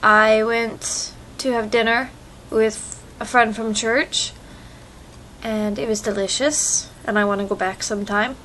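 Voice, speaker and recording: Young woman, relaxed rambling vlog chat, slow unhurried talk, slightly high voice, faint home hum behind, itchy allergies. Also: poor audio. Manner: chatty, rambling, easygoing. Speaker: vlogger. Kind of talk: casual chat. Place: home with a cat. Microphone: phone camera.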